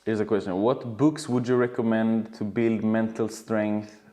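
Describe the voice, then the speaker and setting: Swearing, animated male dance coach. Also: on the low side, unhurried. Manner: animated storytelling, swears freely. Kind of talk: casual webinar talk.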